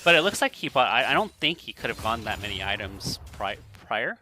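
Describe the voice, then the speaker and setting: A man's voice: medium pitch, very animated, a little fast, bright, forceful tone, soft background music. A man co-casting an esports match, chatty and casual, with many fillers. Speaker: esports co-caster. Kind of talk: color commentary.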